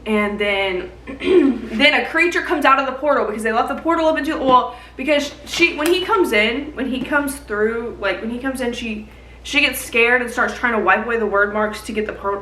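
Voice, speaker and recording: A woman's voice: mid-range voice, sharp tone, roomy sound, distant mic, a little hiss or hum, poor audio. A young woman casually recapping a book she read, rambling with lots of "like" and plenty of swearing. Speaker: book vlogger.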